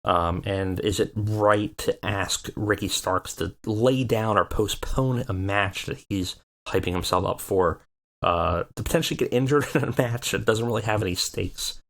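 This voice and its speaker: A man's voice: lowish voice, measured pace. A man hosting a let's play of a wrestling management game, talking loosely with lots of ums. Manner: loose, rambling, many ums and uhs. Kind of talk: casual game commentary.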